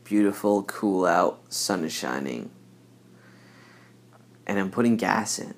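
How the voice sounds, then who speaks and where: A man's voice: low voice, animated, slow pace, creaky. A man hosting a podcast in a rambling, laid-back monologue, often correcting himself. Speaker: podcast host.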